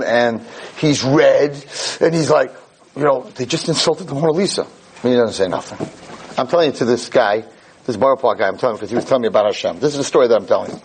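A man giving a Jewish lecture, telling a story in an animated, digressive way. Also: medium pitch, slight background noise, low-quality recording.

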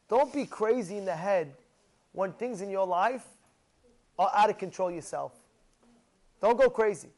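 A man teaching a Torah lesson, telling stories with frequent laughs and questions to his listeners. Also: sits high. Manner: lively storyteller who laughs often and asks questions.

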